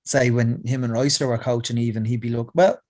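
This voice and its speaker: A man's voice: medium pitch, steady tone, a little fast, a little mellow. Casual, enthusiastic Irish man. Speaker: podcast host. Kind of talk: casual podcast conversation.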